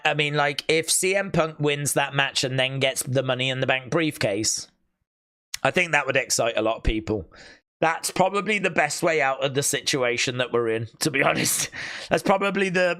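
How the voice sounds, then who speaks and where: A host giving live reaction commentary on a wrestling event, chatty with asides to viewers and bursting into shouts at big moments. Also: mid-range voice, moderate pace. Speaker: watch-along stream host.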